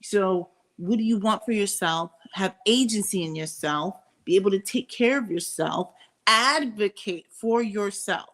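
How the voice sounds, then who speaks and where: A woman's voice: medium pitch, measured pace, a bit bright. Middle-aged woman ranting casually to camera, opinionated, keeps restarting her thoughts. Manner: opinionated, candid, thinks aloud with many restarts. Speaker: commentary vlogger.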